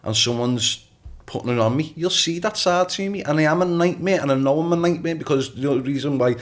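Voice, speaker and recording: A man's voice: fairly high pitch, quick pace. A young man, a boxer as guest on a podcast, telling stories animatedly and often asking "you know what I mean". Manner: animated storytelling, acts out quotes, swears, repeats "you know what I mean". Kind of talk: casual podcast chat.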